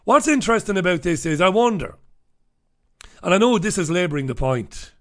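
A man on his own radio show, ranting in a heated, sarcastic monologue. His voice sits a little high for a man, and he swears freely as he builds up steam. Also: very animated, fairly quick. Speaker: radio host.

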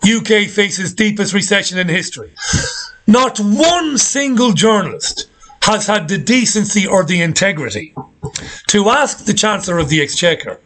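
Brief: middle-aged male host, sarcastic ranting commentary, high and swooping delivery. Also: animated, moderate pace, fairly bright tone, slight background noise. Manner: sarcastic, indignant.

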